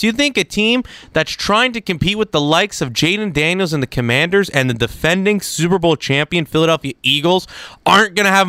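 Young man, sports commentator, opinionated solo talk, animated, slightly high voice, dry close sound. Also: smooth, dry recording. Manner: animated, mimics people in quick asides, lively pitch swings.

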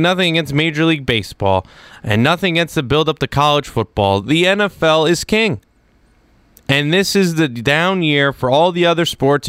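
A young man giving opinionated solo sports talk, animated, jumping into quick impressions of other people. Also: clear, resonant tone, dry recording. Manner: animated, mimics people in quick asides, lively pitch swings. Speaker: sports commentator.

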